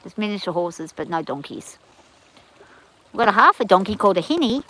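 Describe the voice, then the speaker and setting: A woman's voice: mid-range voice, sing-song, fairly quick, sharp tone, poor audio. A woman with a rural Australian accent, hosting a live stream outdoors and chatting casually as she reads viewer comments aloud and answers them. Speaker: livestream host reading chat.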